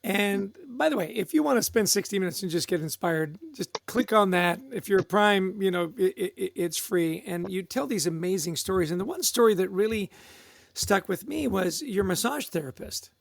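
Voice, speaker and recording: A man hosting an interview podcast, enthusiastic and quick to laugh. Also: sits high, lively intonation, vocal fry, dry recording. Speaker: podcast host.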